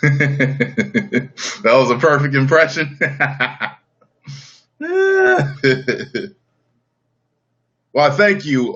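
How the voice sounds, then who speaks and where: A man's voice: medium pitch, sing-song, extremely slow, pauses often, a bit bright. A man hosting a casual livestream, answering chat comments bluntly, swearing and laughing often. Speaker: livestream host. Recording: dull lo-fi livestream audio.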